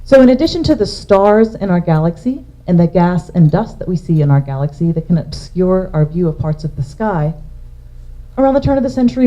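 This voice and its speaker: A woman's voice: lowish voice, warm tone. A woman astronomer giving a public science lecture, explaining things step by step while pointing to slides. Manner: explanatory, walking through slides. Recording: dull lo-fi lecture recording.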